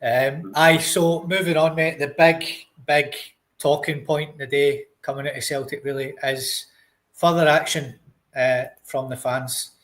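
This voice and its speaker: Scottish male co-host, slightly higher voice, brisk and conversational. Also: fairly even intonation, a bit bright. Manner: brisk, steers the topics. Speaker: podcast co-host. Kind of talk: casual football chat.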